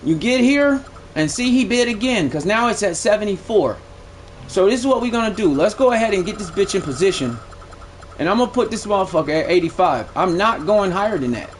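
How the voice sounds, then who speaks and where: A man's voice: sits high, animated, a little fast, slight background noise. A young man streaming a game live, giving blunt, profane play-by-play commentary that swings into aggravation. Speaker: gaming streamer.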